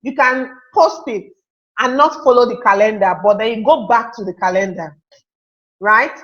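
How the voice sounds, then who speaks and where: A chatty woman teaches a live webinar, her fairly high voice bouncing between points and viewers' comments. The sound is a little dull, like audio from an online call. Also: normal speed, a bit bright. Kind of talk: live online class talk.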